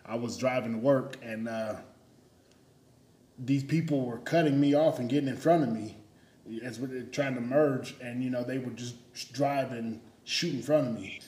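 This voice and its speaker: A man in casual faith talk, telling stories about himself in an animated, self-mocking way. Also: mid-range voice, moderate pace, reverberant.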